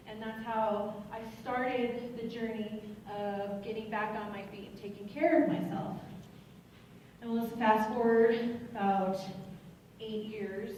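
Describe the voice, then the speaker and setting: A woman's voice: a little high, darkish tone, a little hiss or hum. Emotional woman in an echoey hall. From Colorado. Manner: earnest, emotional, halting at times. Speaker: student veteran speaker. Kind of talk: personal testimony speech. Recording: echoey hall, distant mic.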